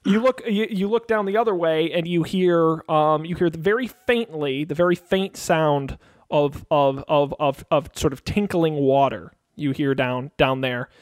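A man's voice: a little high, a little slow, dry recording. A man narrating a tabletop game as game master, playful and teasing with his players.

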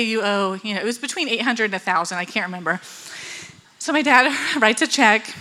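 A woman's voice: a little high, pushed and bright, low-quality recording. A woman with children tells a personal story, acting out the quotes and laughing often. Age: adult with children. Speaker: speaker telling a personal story.

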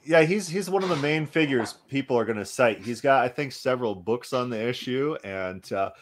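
A man hosting a casual discussion, talking in an animated way with many restarts. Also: mid-range voice, normal speed, a little hiss or hum. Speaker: podcast host.

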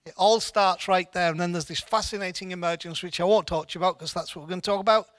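Man, high bright voice, dry close sound, earnest Bible teacher, repeats words as he restarts. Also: fairly even intonation, fast talker, no echo. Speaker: church teacher. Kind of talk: informal Bible teaching talk.

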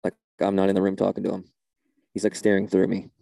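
A man's voice: low-pitched, monotone, fast talker, gravelly, warm tone, dry recording. A man in a comedy sketch, talking in an exasperated, incredulous way.

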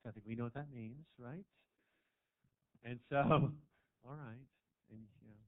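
A man from Marin doing a crude, camp stand-up set in a small club, rambling through a story with asides to the crowd. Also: medium pitch. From Marin County, California. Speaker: stand-up comedian. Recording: tinny, phone-like live club recording.

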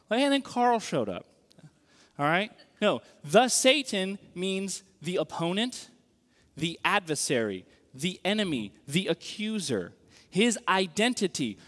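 A man preaching a sermon as a pastor, conversational and animated, with frequent rhetorical questions to the congregation. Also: high voice. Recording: long hall reverb.

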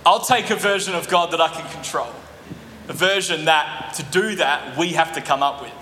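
A male pastor delivers a lively sermon, breaking into joking asides to his congregation. His voice sits high and sounds bright and forceful. He is recorded in a church hall with long, echoing reverb and a faint room hum behind him. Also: normal speed.

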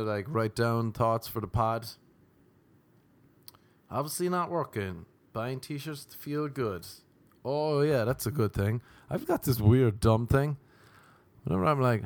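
A man in his thirties, a comedian hosting his own podcast, rambling wryly through a casual monologue and jumping into high voices for quoted asides. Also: lively intonation, unhurried, no room sound.

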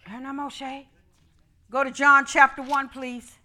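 Fervent woman preacher leading call-and-response, bright edgy tone, drops to a hush then shouts. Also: sits high, little pitch movement, measured pace. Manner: fervent, rhythmic, repeats phrases, swings from hushed to shouting.

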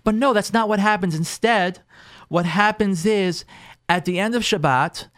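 A man, a rabbi, telling a story in an animated way and acting out each character's lines. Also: high voice, normal speed. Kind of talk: storytelling talk.

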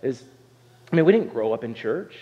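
A man's voice: mid-range voice, sing-song, moderate pace. A man from Southern Ohio preaching a sermon as pastor, earnest and conversational, often stopping to ask "right?" and restarting phrases. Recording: dull sound with long hall reverb.

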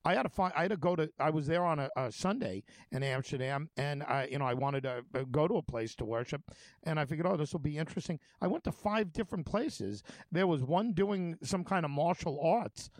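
A man's voice: a little high, animated, brisk, no echo. A man hosting a talk show, telling stories in a rambling, conversational way with many fillers and restarts. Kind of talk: casual conversation.

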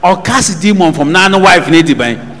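A man's voice: sits high, expressive, normal speed, fairly bright tone, big-room sound. A man with a Ghanaian accent preaching a sermon, throwing questions out to the congregation for them to answer. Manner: call-and-response preaching, asking the congregation questions.

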